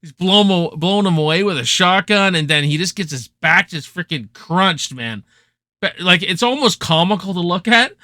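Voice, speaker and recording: A young man giving a casual, excited film review, swearing freely and packed with slang. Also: sits high, normal speed, dry recording, clean studio sound. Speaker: movie reviewer.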